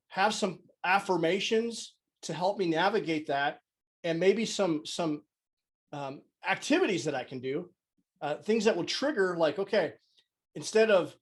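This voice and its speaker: A man speaking as a mindset coach at an online conference, earnest and open, sometimes repeating words as he searches for them. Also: high-pitched. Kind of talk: motivational talk.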